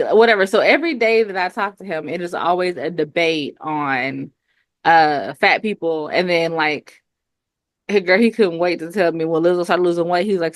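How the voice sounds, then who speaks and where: A woman's voice: fairly low pitch, moderate pace, no echo, clean studio sound. A woman in her thirties with a Southern US accent, chatting casually as co-host and telling stories with acted-out quotes. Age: 30s. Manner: laughing, animated storytelling with acted quotes. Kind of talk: casual chat.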